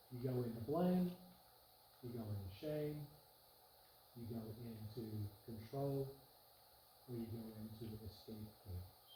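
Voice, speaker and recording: A man's voice: mid-range voice, mellow. A man giving a church marriage seminar talk, in a folksy, conversational, emphatic way. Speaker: marriage seminar speaker and counselor. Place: church meeting room. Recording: echoey room, distant, noisy.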